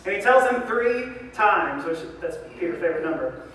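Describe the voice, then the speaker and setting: A man preaching a sermon as pastor, lively and joking, recorded from a distance in a large church hall. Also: high-pitched, moderate pace. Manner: lively, joking preacher who acts out voices. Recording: echoey hall from far off.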